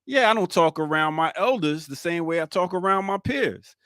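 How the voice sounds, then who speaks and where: Reflective higher-voiced male host, dry sound. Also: lively intonation, moderate pace, fairly bright tone, dry recording. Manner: reflective, poses questions to the panel. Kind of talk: talk-show monologue and discussion.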